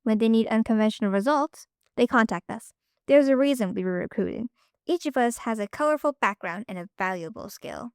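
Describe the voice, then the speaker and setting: A woman voicing a cold female operative who speaks in a flat, matter-of-fact way. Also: fairly high pitch, fairly quick, clear, resonant tone, no room sound, clean studio sound, natural voice. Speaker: student reader. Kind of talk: amateur story reading.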